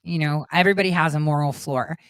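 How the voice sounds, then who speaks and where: A woman's voice: low-pitched, fairly even intonation, quick pace, clean tone, no echo. A woman hosting a political talk show, speaking in an earnest, conversational way with casual fillers.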